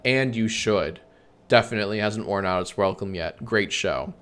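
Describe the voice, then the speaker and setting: A man streaming a comedy bit, bantering with himself in a deadpan, sarcastic way and swearing often. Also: on the low side, moderate pace, clean tone.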